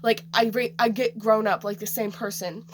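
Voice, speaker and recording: Casual storytelling woman vlogger, a bit high-pitched, rambling with lots of "like". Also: fairly even intonation, normal speed, a little hiss or hum. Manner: rambling, heavy use of "like".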